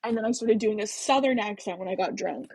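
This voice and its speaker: A woman's voice: mid-range voice, brisk, darkish tone, husky, no room sound, low-quality recording. A young woman with a general American accent, hosting a casual book club livestream, rambling and swearing freely with lots of fillers. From American Midwest.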